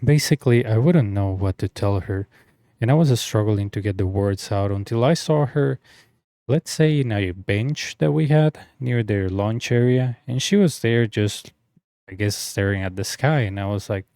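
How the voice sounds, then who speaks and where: A man's voice: on the low side, unhurried, darkish tone, dry recording, studio quality. A young man telling a personal story in a casual, rambling way, full of fillers and restarts. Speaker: story reader.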